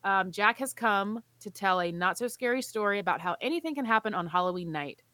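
A woman's voice: medium pitch, lively intonation, brisk, bright, forceful tone, dry recording. A woman co-hosting a casual podcast, reading park news aloud with playful asides. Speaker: podcast co-host.

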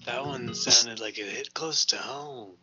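A man's voice: mid-range voice, measured pace. A man co-hosting a comedy podcast, chatting casually in a playfully mock-earnest, coaxing way. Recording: dull lo-fi recording with faint music.

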